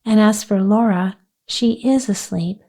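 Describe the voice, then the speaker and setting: A woman's voice: mid-range voice, fairly even intonation, mellow. A woman voicing Rosie, a bossy practical girl. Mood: brisk. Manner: brisk, emphatic, a little scornful. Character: bossy practical young girl, takes charge.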